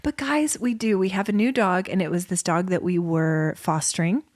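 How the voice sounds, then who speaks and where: A woman's voice: fairly low pitch, moderate pace, no echo, clean studio sound. A woman co-hosting a podcast, sharing family news in a casual, easygoing way. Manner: warm storytelling, laughs easily. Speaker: podcast co-host. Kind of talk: casual chat.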